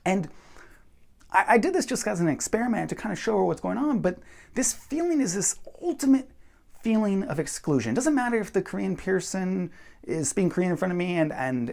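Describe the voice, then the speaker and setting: A young man telling stories in a casual, animated monologue, bluntly acting out the people he quotes. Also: sits high, creaky. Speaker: vlogger.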